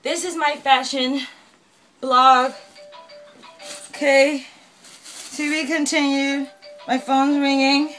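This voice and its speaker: A woman's voice: high voice, flat delivery, slow pace, long pauses, a bit bright, soft background music, poor audio. A woman talks in a playful, chatty, self-mocking way to the camera, vlog style.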